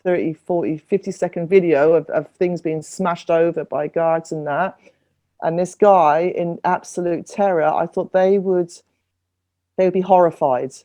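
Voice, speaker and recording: A woman's voice: on the low side, fairly even intonation, measured pace, warm tone. A middle-aged woman telling her story as a podcast guest, earnest and full of restarts. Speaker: singer-songwriter and refugee advocate, podcast guest. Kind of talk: conversational podcast interview.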